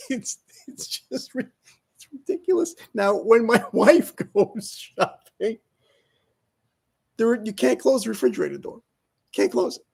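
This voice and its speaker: A middle-aged man chats casually in his own vlog, rambling and laughing at himself. His voice sits high for a man and has a husky, gravelly edge. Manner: rambling, self-mocking, laughing often. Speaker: vlogger.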